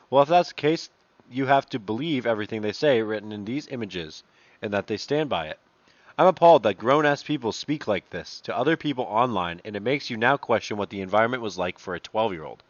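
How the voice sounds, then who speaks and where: A man's voice: lowish voice, no room sound, muffled recording. A man casually reads online messages aloud and adds profane, mocking asides between them. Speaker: commentator reading online posts. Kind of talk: casual reading and commentary.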